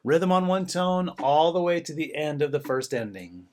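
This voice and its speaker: A man's voice: fairly high pitch, expressive, normal speed. A middle-aged man giving a band lesson, encouraging students and counting rhythms aloud with bursts of cheering. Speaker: band director. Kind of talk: music lesson demonstration.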